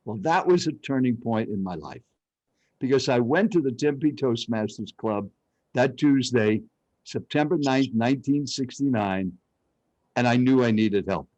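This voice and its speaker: A man's voice: mid-range voice, measured pace, dry recording, lo-fi sound. An older man, a speech coach, telling dramatic personal stories as an interview guest. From Arizona, United States. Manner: animated, dramatic storyteller. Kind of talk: storytelling interview.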